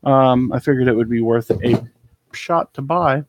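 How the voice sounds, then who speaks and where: Man, casual reseller chat, rambling, mid-pitch voice, cluttered room. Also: a little slow, dry recording. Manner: chatty, rambling, trails off with ums. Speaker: eBay reseller showing a haul. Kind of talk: casual live haul chat. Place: cluttered storage room indoors.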